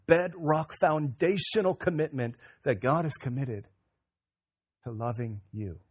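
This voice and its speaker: A man in his thirties preaching a sermon as a pastor, swinging from soft and low to loud and high when he stresses a point. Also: unhurried, husky.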